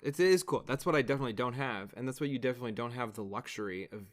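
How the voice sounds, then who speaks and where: A man's voice: medium pitch, rapid-fire. A young man co-hosting a podcast in casual chat, rambling with many fillers and restarts. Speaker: podcast co-host.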